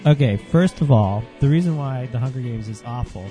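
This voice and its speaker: A man's voice: medium pitch, expressive, a little fast, over music. Sarcastic man ranting, a bit sick. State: under the weather, a bit sick. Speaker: podcast host. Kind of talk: solo podcast rant.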